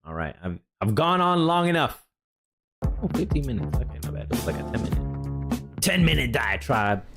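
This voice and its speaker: A jet-lagged male streamer giving relaxed, rambling reaction commentary with chatty asides. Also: medium pitch, moderate pace, loud music behind the voice. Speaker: streamer reviewing a developer stream.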